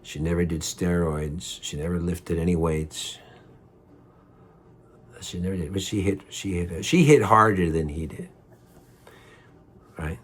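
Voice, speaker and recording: Man, husky voice, lowish pitch, heated rambling monologue, repeats himself, swears. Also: a little slow, pauses often. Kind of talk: personal storytelling monologue.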